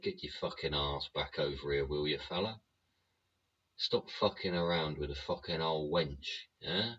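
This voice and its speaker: Deep, husky man ranting. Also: a bit bright. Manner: swears constantly, rhetorical tag questions. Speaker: show host. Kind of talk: profane political rant monologue. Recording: dull lo-fi sound.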